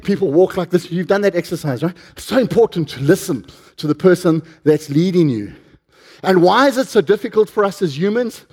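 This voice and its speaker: A man's voice: high voice, lively intonation, a little fast, darkish tone, husky. A man preaching a sermon, telling stories with animation and putting questions to the congregation.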